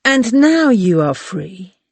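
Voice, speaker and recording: A man's voice: high voice, animated, slow pace, fairly bright tone, no echo, exaggerated voice. A reader voicing a hard, domineering man who gives curt commands. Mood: solemn.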